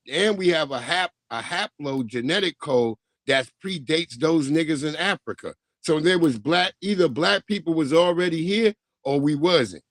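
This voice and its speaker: A man's voice: fairly high pitch, no room sound. A man from the United States hosting a livestream in casual chat, blunt and laid-back with rambling opinions. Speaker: livestream host.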